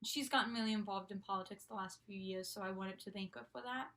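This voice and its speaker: A woman's voice: medium pitch, steady tone, quick pace, a bit bright. A young woman in her college years telling a story casually, gushing and full of "like" and "um" fillers. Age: young adult. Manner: gushing, filler-heavy, constant "like". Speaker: vlogger.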